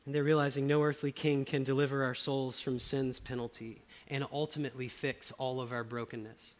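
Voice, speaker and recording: A man preaching a sermon, repeating key phrases and slowing down to stress them. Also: mid-range voice, flat delivery. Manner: emphatic, repeats key phrases, rises and slows for emphasis. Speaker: pastor.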